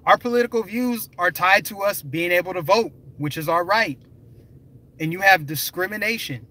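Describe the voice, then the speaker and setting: Young male vlogger, bright and forceful, slightly high voice, emphatic direct address. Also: moderate pace, low-quality recording. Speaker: political vlogger. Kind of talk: live stream commentary.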